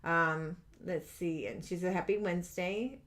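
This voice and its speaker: Chatty woman, low voice. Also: fairly even intonation, measured pace, fairly bright tone. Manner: rambling and candid, many fillers and restarts. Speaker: livestream angel reader. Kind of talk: chatty livestream talk reading out viewer comments.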